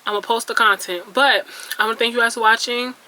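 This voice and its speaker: A woman's voice: fairly high pitch, fairly even intonation, fast, bright, forceful tone, rough recording. A young woman, chatting casually and venting candidly to her viewers while doing her makeup at home. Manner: candid, venting, self-mocking, exclamatory. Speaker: beauty vlogger. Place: indoors at home, near a ring light.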